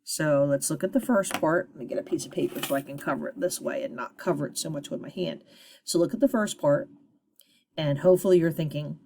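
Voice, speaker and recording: A woman teacher giving a phonics lesson to children, sounding out syllables slowly and encouragingly. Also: lowish voice, creaky, darkish tone.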